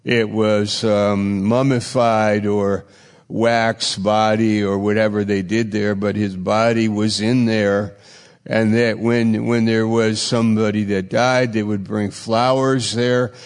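A man with a fairly low voice preaches a sermon slowly and in a level tone, yet emphatically, repeating phrases for weight as his voice swells and drops. A long reverb fills the large hall.

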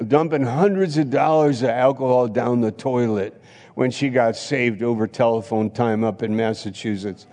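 A man preaching a sermon in a church, emphatic, with sudden loud rises and repeated phrases. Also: medium pitch, steady tone, normal speed, long reverb tail. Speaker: pastor.

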